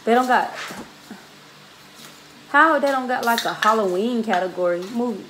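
A woman chatting casually and telling animated stories, laughing often. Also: on the high side, normal speed, noisy background. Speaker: vlogger. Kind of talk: casual chat.

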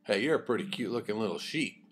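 A man voicing a sly male wolf who flatters smoothly while posing as a handsome ram. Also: fairly low pitch, fast, natural voice. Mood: flattering.

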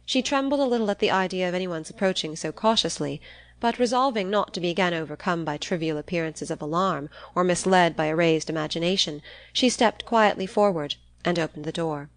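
A woman narrating a classic novel in a measured, even reading. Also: on the low side. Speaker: audiobook narrator.

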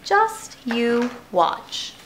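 A woman voicing a small, clever male kitten in a storybook, speaking calmly and with gentle confidence. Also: on the high side, extremely slow, slight background noise, full character voice. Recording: roomy echo.

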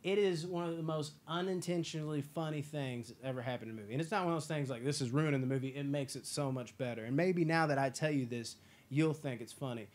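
A man hosting a casual movie review chat, enthusiastic and profane, acting out scenes in quick impressions. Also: a little high. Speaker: podcast host.

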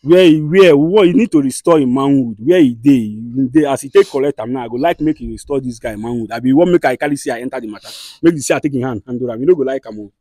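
Nigerian man, skit host; rapid, scolding-then-soothing delivery, dry close sound. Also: mid-range voice, mellow, no echo. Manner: fast, scolding and soothing by turns. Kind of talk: comedy skit with direct address.

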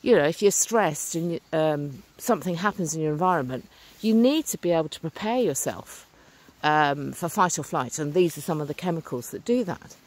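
On a walking vlog by a stream along a country lane, a middle-aged woman speaks to the phone or camera she's holding. Her voice is low and animated at a normal speed, and her talk is casual, earnest, upbeat, and chatty with fillers.

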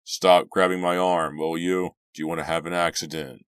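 A man's voice: very deep voice, flat delivery, fairly quick, no room sound, studio quality. A man voicing a cocky reckless teen boy. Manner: brash, mocking, loud.

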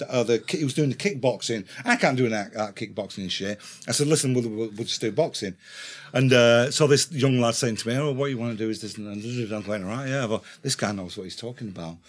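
A man with an English accent, a podcast guest telling a rowdy story in casual chat, swearing and laughing as he goes. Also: medium pitch. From England. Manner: profane, laughing, animated retelling.

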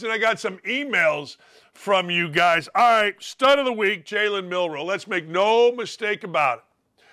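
Brash middle-aged male sports talk host with a high, bright voice, combative and mocking. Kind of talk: opinionated sports talk monologue.

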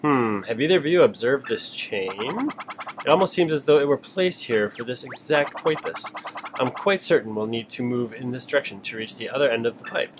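A man reading a pompous old wizard advisor's game lines in a slow, flat monotone. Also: mid-range voice, over music, close to an everyday voice. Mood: formal.

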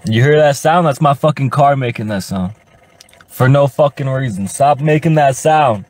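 A man's voice: mid-range voice, normal speed, a little mellow. Man streaming from his car. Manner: frustrated, profane, stammers and repeats words. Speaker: livestreamer. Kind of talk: rambling live stream to chat. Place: inside a parked car.

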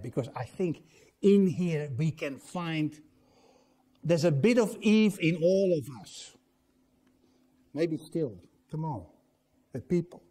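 A man's voice: a little high, warm tone. A man preaching a sermon as pastor in a church, emphatic and putting rhetorical questions to the congregation.

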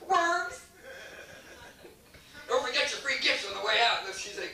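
A man's voice: very high-pitched, sing-song, a little slow. A man emceeing in a comedy club, doing crude, rambling, self-mocking stand-up that jumps between bits. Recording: echoey club, heard from far off, faint hiss.

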